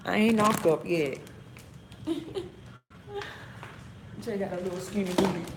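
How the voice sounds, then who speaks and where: A woman's voice: mid-range voice, measured pace. A young woman chatting slangily and boastfully on a casual live phone video. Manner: slangy, chatty, self-hyping. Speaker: live-stream host. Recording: noisy with vehicle sounds behind.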